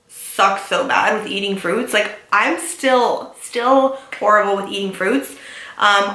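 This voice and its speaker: A woman's voice: medium pitch, bright, forceful tone. Chatty young woman vlogger, echoey room. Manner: chatty, filler-heavy with lots of "like" and "um". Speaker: beauty and lifestyle vlogger. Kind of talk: casual chat to camera.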